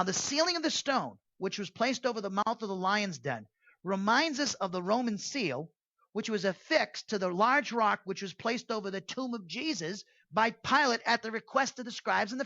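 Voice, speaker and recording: A man's voice: high voice, sharp tone, no room sound, dull audio. A man teaching an evening Bible study in a casual, digressive way, with restarts and asides.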